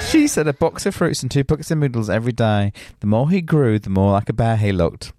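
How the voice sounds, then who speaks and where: A man's voice: mid-range voice, warm tone. A young man co-hosting a casual podcast, reading out odd news stories, laughing often and swearing freely. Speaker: podcast co-host.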